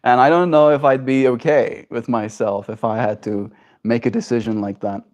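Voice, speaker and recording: A man's voice: mid-range voice, moderate pace. A young man from South Africa with a self-shaped neutral accent, live streaming and chatting casually with viewers, peppering his talk with "like" and "right?". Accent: self-shaped neutral, slightly American-leaning. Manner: chatty, animated, frequent "like" and "right?" tags. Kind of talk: casual chat reading viewer comments.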